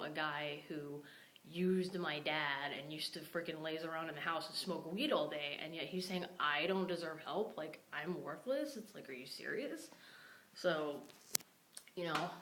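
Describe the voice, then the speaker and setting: A woman's voice: low-pitched, a bit bright, slight background noise, rough recording. A young woman vlogging casually, upset and venting about a family fight, swearing freely. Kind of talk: casual vlog rant.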